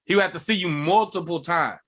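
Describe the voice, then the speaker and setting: A man, a comedian and podcast co-host, telling animated, profane stories in casual chat. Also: high-pitched, fairly quick.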